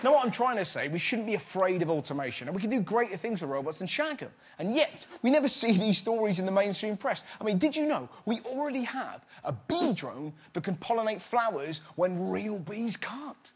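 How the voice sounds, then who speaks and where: A man's voice: high voice, big pitch swings, a little fast, hardly any pauses, breathy edge. A man hosting a televised stand-up comedy monologue, talking with great energy and bursting into shrieking put-on voices. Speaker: comedian host. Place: TV studio with live audience. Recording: loud live studio audience. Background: audience laughter.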